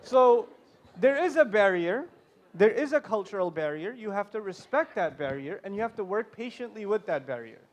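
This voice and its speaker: A man's voice: high voice, animated, normal speed. A man speaking on a convention panel, giving a passionate, emphatic talk with joking asides.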